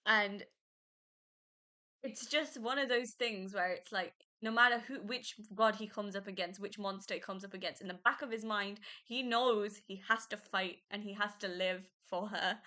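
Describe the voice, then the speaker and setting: Gushing bright-voiced young woman podcaster. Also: mid-range voice. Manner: gushing, emotional, laughs often. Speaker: podcast host. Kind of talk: casual book review chat.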